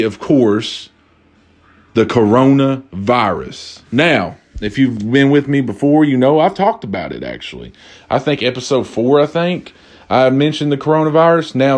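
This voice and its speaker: A podcast host with a medium-pitched, darkish voice runs a casual drinking show, a little tipsy on tequila. He rambles and swears, cracking jokes and correcting himself along the way.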